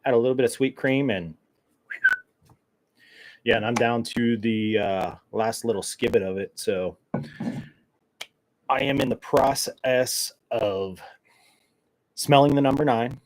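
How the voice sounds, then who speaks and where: A man's voice: medium pitch, measured pace, pauses often, a little hiss or hum, poor audio. A man hosting his podcast in a casual solo chat, rambling and joking in a caffeine-wired way with plenty of fillers. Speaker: podcast host.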